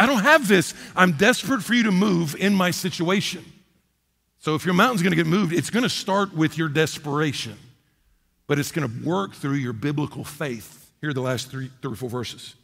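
A man preaching a sermon as a pastor from the United States, emphatic, repeating key phrases and swinging between loud and quiet. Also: on the high side, gravelly. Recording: long hall reverb.

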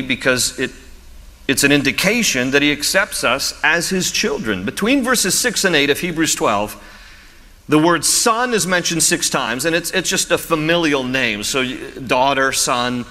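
A man preaching a sermon as a pastor, animated and storytelling, often restarting his phrases. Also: on the high side, big-room sound.

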